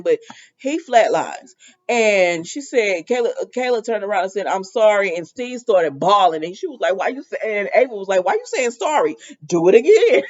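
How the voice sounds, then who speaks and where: A woman's voice: mid-range voice, a little mellow, lo-fi sound. A woman casually recapping a soap opera episode, retelling scenes in quoted lines and making asides to her viewers.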